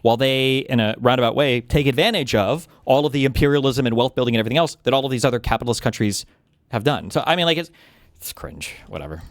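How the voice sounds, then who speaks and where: A man's voice: medium pitch, expressive, fast, dry recording, studio quality. A man in his thirties giving blunt, dismissive live-stream commentary, swearing freely. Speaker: streamer reacting to a clip.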